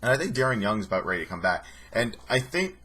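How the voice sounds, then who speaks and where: A man's voice: fairly low pitch, very animated, fast talker, pushed and bright, husky. A young man in his twenties recapping a TV episode in a casual, sarcastic way, often mimicking people. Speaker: show reviewer.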